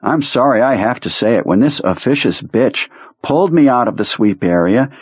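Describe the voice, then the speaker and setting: A man's voice: mid-range voice, animated, normal speed, breathy edge, dry recording, dull audio, pitched above the performer's own voice. A man voicing a flustered male soldier protesting his innocence in an audiobook. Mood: defensive. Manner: defensive, whiny protests.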